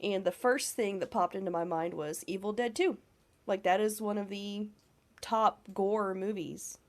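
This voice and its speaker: A woman's voice: medium pitch, fairly even intonation, a little slow. Woman with a cold, nasal and scratchy. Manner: enthusiastic, swearing. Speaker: podcast co-host. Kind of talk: casual podcast chat.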